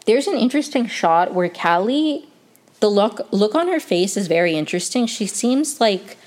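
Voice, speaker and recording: A woman's voice: medium pitch, animated, moderate pace, a little mellow. A woman giving a casual, chatty TV episode recap, full of "um" and "like". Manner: chatty, many fillers like "um" and "like". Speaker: TV recap vlogger.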